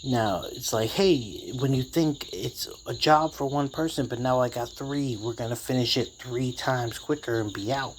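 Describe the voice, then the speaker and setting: A man's voice: medium pitch, normal speed, hardly any pauses, noisy background. A man telling a casual story, rambling and profane, full of streetwise slang.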